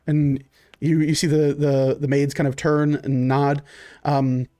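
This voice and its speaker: A man's voice: a little high, little pitch movement, slow, mellow, no echo, clean studio sound. A man narrating a tabletop game as game master, in a casual way with many fillers.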